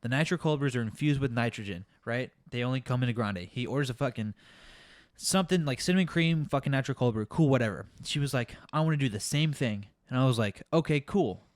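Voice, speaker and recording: A young man co-hosting a casual podcast, telling a work story in a profane, exasperated, animated way. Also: medium pitch, fast talker, no echo, studio quality. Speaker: podcast co-host.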